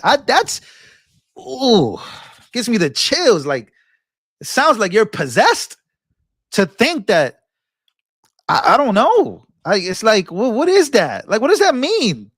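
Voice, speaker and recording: A man's voice: sits high, huge pitch swings, slow, long pauses, fairly bright tone, breathy edge, no room sound, clean studio sound. A man hosting a political commentary vlog, talking in an impassioned, casual way, restarting and repeating words and breaking into sermon-like rebukes. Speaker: political commentator and channel host.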